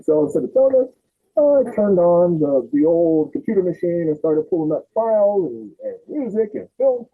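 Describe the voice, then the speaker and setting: Animated older man telling stories. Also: high voice, normal speed. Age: 60s. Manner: animated, acts out relatives' voices. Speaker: podcast host. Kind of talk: storytelling in casual chat. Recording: tinny phone-like audio.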